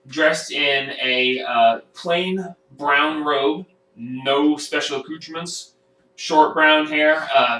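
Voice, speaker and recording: A man narrating a tabletop game as game master, halting and full of ums. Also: mid-range voice, pushed and bright. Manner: halting, lots of ums and uhs. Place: home room. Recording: roomy sound from a distant mic.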